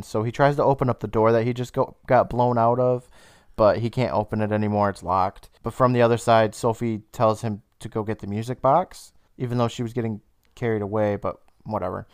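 A young man co-hosting a podcast, casually retelling an episode's plot with laughs and quick bursts of high mock voices. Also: fairly even intonation, smooth, no room sound, clean studio sound. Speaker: podcast co-host. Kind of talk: casual recap chat.

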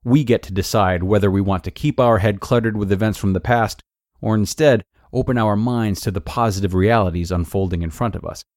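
A man with a low voice reads a blog post aloud as a podcast host. His delivery is calm and measured, and the close, dry studio recording has no room sound. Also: dry recording.

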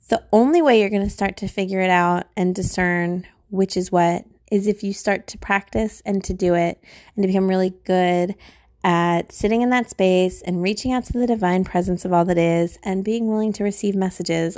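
A woman's voice: medium pitch, dry recording, clean studio sound. A woman hosting a podcast, teaching in a casual, chatty way with frequent fillers and light laughs. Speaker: podcast host and spiritual teacher.

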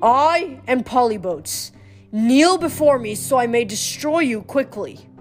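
Big pompous giant warlord guy, woman doing the voice, roars orders, slow and raised. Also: fairly high pitch, animated, faint music behind, voice pushed up. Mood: roaring. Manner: roaring, commanding, pompous. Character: towering arrogant male giant, impatient warlord. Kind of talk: storybook reading.

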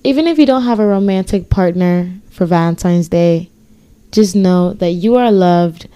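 Mellow, affectionate woman podcast host. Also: fairly low pitch, normal speed, clear, resonant tone. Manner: affectionate, easygoing, laughs often. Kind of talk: casual podcast chat.

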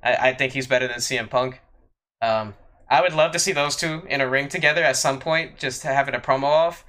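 A male podcast co-host with a bright, sharp voice, talking in a loose, casual way. He stumbles through plenty of fillers and repeats his words as he thinks aloud. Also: mid-range voice, fairly quick.

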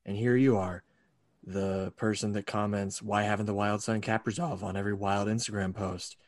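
A man's voice: lowish voice, steady tone, normal speed, dry recording. A man hosting a podcast, talking in a rambling, sarcastic way with lots of restarts and fillers. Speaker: podcast host. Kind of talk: casual podcast banter. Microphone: studio microphone.

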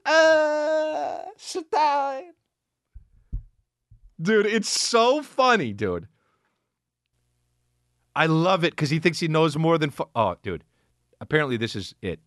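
A man riffing profanely on a comedic rant, animated and joking. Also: a little high, measured pace, pauses often, no room sound, studio quality.

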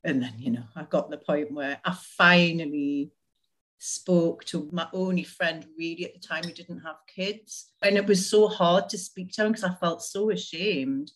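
A woman's voice: on the low side, moderate pace. A woman telling her personal story in an interview, chatty, with frequent laughs and many fillers. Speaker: interview guest.

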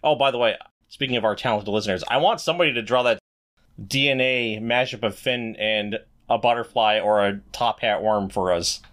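A man's voice: fairly low pitch, a little fast, a bit bright. A man co-hosting a podcast in casual, playful chat with frequent restarts. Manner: chatty, playful, with self-correcting restarts. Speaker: podcast co-host.

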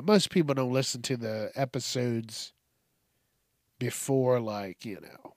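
A man's voice: mid-range voice, dry recording, studio quality. A tired man hosting a casual solo podcast late at night, rambling and swearing as he trails off and restarts. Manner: rambling, profane, self-interrupting. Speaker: podcast host.

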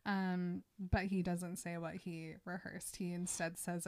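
A woman hosting a casual podcast, retelling a novel's scenes in a chatty way and quickly voicing the characters' lines. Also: fairly low pitch, level tone, darkish tone. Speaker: podcast host recapping a book. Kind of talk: casual book recap chat.

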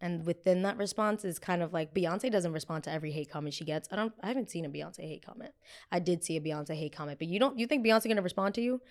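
A woman's voice: lowish voice, fast, darkish tone. A woman hosting a show, chatting casually about pop culture in a blunt, gossipy and profane way, often going off on tangents. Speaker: host.

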